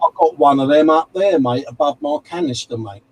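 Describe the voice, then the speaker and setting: A man's voice: a little high, huge pitch swings, a little fast, gravelly, darkish tone, poor audio. A man co-hosting a casual livestream chat, reading out viewer comments and calling everyone mate. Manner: chatty, calls everyone mate. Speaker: livestream co-host.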